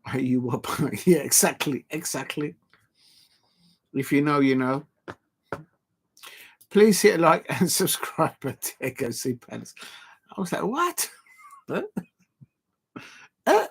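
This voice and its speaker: A man hosting a casual live stream, calling a snooker match in a chatty, rambling, self-deprecating way with lots of filler pauses. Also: mid-range voice, gravelly, slightly rough. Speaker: YouTube live-stream host.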